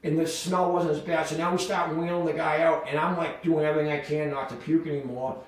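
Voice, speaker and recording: Animated man telling a story in an echoey room. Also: fairly high pitch, fast. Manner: animated, full of "like" fillers and voiced quotes. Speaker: podcast guest. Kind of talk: casual storytelling. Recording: echoey room, far from the mic.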